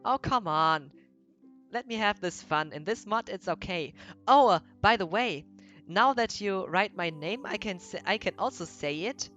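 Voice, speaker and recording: A woman's voice: medium pitch, expressive, moderate pace, a bit bright, dull audio, soft background music. A woman, chatting and explaining with many fillers during gameplay commentary. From Germany. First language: German. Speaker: game streamer.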